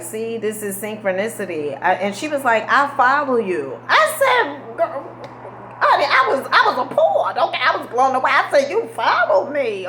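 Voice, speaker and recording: A woman telling a story in a lively vlog, sassy and emphatic, calling the listener "honey" and "girl.". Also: mid-range voice. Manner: sassy, emphatic, says "honey" and "girl" often, dialect grammar. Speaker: motivational vlogger. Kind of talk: animated storytelling monologue. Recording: echoey room with faint ambient noise.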